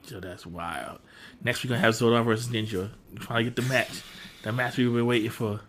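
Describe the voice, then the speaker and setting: A man's voice: medium pitch, fairly even intonation, a little fast, a bit bright, a little hiss or hum. A man co-hosting a podcast in casual chat, laid-back and playful. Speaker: podcast co-host.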